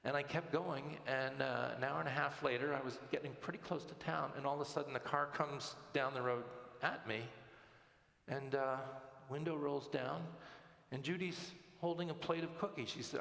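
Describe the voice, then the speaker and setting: Gravelly-voiced man telling his faith story. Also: mid-range voice, fairly even intonation, moderate pace, fairly bright tone. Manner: conversational, stumbles and repeats words. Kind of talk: personal storytelling talk. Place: church. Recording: echoey church hall reverb.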